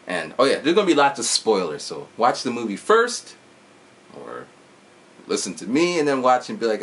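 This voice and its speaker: Lively, chatty man in his forties. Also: fairly low pitch, moderate pace. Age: 40s. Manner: animated retelling with sound effects and swearing. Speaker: vlogger reviewing a movie. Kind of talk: casual chat.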